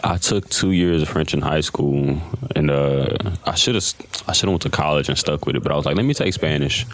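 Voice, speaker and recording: A very low, deep-voiced young man from Texas talks loosely with plenty of ums and pauses, his voice a little rough with morning throatiness. The sound is close and dry, with no room around it. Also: no room sound. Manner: relaxed, hesitant, many fillers. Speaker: guest rapper. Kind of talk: casual podcast chat.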